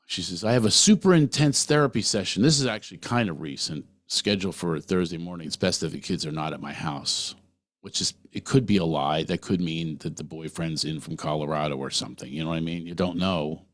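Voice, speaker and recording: A man's voice: rumbling low, brisk, no echo. A middle-aged man hosting a podcast, talking earnestly through a personal monologue and putting questions straight to the listener. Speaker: podcast host.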